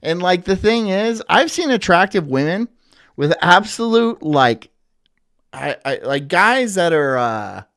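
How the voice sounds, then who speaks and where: A man's voice: high-pitched, big pitch swings, a little slow, a bit bright. A man hosting a live stream, giving crude, mocking reaction commentary and laughing at chat. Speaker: streamer host.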